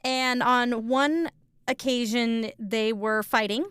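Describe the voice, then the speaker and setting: A woman's voice: fairly high pitch, steady tone, slow pace, a bit bright, smooth, no room sound, studio quality. A woman co-hosting a casual true crime podcast, telling the story with lots of ums and likes.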